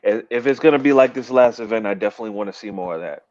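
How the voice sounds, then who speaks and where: A man's voice: lowish voice, rapid-fire, a little mellow, no echo, muffled recording. A man co-hosting a podcast in casual chat, telling stories loosely with fillers and frequent laughs. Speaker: podcast co-host.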